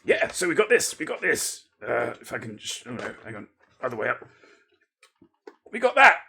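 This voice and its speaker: A man's voice: mid-range voice, big pitch swings, moderate pace, vocal fry, sharp tone, breathy edge. A man from Lincolnshire, casually chatting and rambling playfully as a livestream host, thanking viewers and interrupting himself. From Lincolnshire, England.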